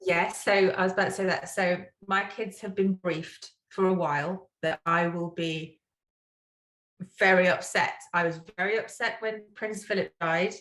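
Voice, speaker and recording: A woman's voice: on the low side, fairly even intonation, a bit bright. A woman co-hosting a podcast, emotional and talkative, often checking in with "right?". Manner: emotional, quick, talkative, tags remarks with "right?". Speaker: podcast co-host. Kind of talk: casual chat. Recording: roomy echo.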